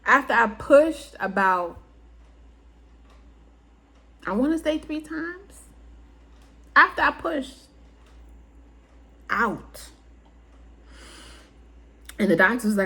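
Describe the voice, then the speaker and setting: A woman's voice: mid-range voice, extremely slow, pauses often. A woman vlogger telling a personal story to her viewers in a casual way, laughing often and acting out what people said. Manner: animated, laughing often, acts out quotes.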